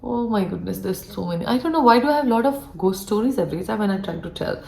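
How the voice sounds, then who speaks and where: A young woman chats her way through a hotel ghost story as she does her makeup. She gets animated, acting out the lines of the people in the story, and her voice sits at a medium pitch. The room around her sounds echoey. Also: fast talker, gravelly. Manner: animated retelling, acts out quoted lines. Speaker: vlogger, former cabin crew. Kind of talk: casual storytelling while doing makeup. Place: indoor room, getting ready.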